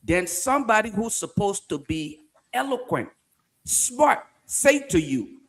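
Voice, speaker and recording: A man hosting a political talk show, deliberate and arguing through rhetorical questions. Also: high voice, big pitch swings, a bit bright. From Liberia.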